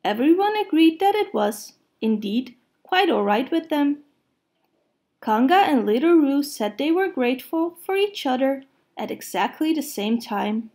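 A woman reads a children's storybook aloud, slow and gentle. Her voice sits a little high and she never hurries. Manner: gentle, unhurried.

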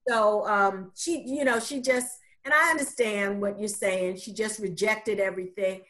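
A woman's voice: mid-range voice, moderate pace, fairly bright tone. Earnest woman giving encouragement. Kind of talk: casual group discussion.

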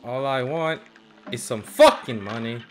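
A young man commenting on his own gameplay, cursing a lot and swinging between angry yelling and low muttering. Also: measured pace, faint music behind. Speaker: gaming channel host.

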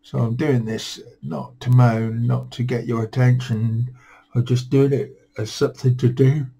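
A man's voice: mid-range voice, fairly even intonation, a little slow, gravelly, warm tone, breathy edge, poor audio. A tired man rambling through a home vlog, weary and self-deprecating, grumbling at himself. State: tired, yawning. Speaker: vlogger.

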